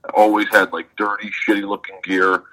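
A man with a very low, deep voice tells a story in a loose, rambling way. He is a wrestler answering an interview question, swearing freely and leaning on "like" as filler. The talk is casual and conversational. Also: level tone, a little fast, pushed and bright, rough recording. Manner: rambling, profane, full of fillers like "like". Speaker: professional wrestler guest.

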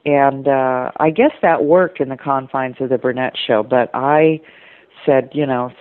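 An older woman reminisces in a relaxed interview, chatty and quick to laugh as she quotes the people around her. Her voice comes through thin and phone-like, with a dry, close sound. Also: a bass voice, no room sound. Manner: chatty storyteller, laughs often, quotes others. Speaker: actress interviewed. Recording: tinny phone-like audio, dry.

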